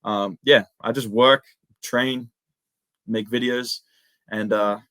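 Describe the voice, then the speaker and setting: A young Australian man chatting casually as an interview guest, slangy and relaxed, full of "dude" and "man". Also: medium pitch, takes it slowly, dry recording. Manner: laid-back, slangy, lots of "dude" and "man". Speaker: guest, MMA impressionist.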